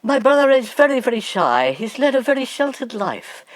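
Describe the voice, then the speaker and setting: A man putting on a high, coy voice for a fussy, prim sibling in a comedy sketch. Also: big pitch swings, normal speed, crowd noise. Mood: coy confiding.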